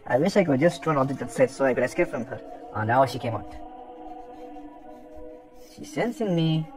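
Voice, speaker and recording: A man commentating a horror game as he plays, excitable and taunting the monster, with some swearing. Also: mid-range voice, moderate pace, faint music behind. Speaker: gaming commentator. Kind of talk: let's play commentary.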